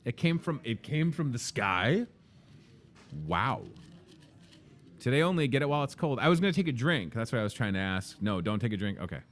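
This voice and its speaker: A young man hosting a grocery store's daily video, energetic, jokey and rambling, recorded in the store. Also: medium pitch, fairly quick. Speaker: host.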